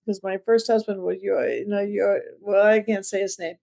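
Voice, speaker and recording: A chatty woman in her seventies from the Chicago area, telling stories in a rambling, self-deprecating way. Her voice sits at a middle pitch with a gravelly, creaky texture. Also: fairly even intonation, normal speed, warm tone. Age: 70s. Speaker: comedian guest. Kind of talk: casual interview chat.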